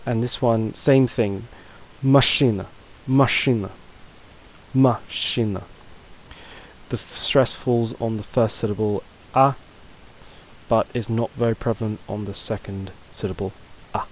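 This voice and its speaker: A man's voice: on the low side, steady tone, normal speed, a little hiss or hum, low-quality recording. A man teaching a casual video lesson, talking loosely with fillers and restarts. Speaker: language teacher.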